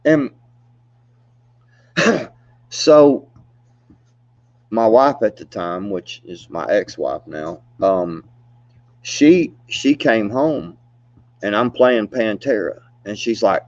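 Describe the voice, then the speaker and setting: A man's voice: fairly low pitch, animated, slow pace, pauses often, darkish tone. Laid-back rambling man telling stories. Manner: laid-back rambling storytelling with frequent laughs and "you know". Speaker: storyteller. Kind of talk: casual chat. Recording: dull, dry lo-fi recording.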